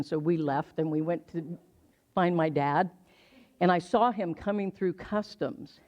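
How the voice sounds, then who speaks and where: Older minister, slow reflective sermon, dull audio. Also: mid-range voice. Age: 60s. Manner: slow, reflective, with emphatic repetition. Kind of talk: sermon with personal storytelling. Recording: slightly dull lo-fi stream audio.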